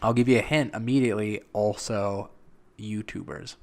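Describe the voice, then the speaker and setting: A man's voice: fairly low pitch, normal speed. A young man co-hosting a podcast, chatting casually with a playful, teasing manner. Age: young adult. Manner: playful, teasing, jokes deadpan. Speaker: podcast co-host.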